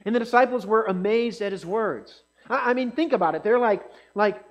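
Male preacher, high voice, conversational sermon delivery, slight electrical hum under it. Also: fairly quick, hardly any pauses. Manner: conversational, animated asides to the congregation. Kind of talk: sermon with scripture reading.

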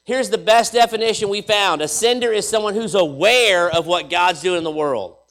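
A man preaching a sermon in an animated way, repeating phrases for emphasis and swinging from loud to hushed. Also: high-pitched, normal speed.

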